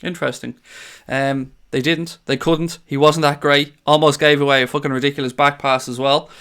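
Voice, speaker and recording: A man hosting a casual fan livestream from a green-screen home studio, reading chat aloud, excitable and swearing freely. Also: a little high, moderate pace, clear, resonant tone. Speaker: fan channel host reading live chat.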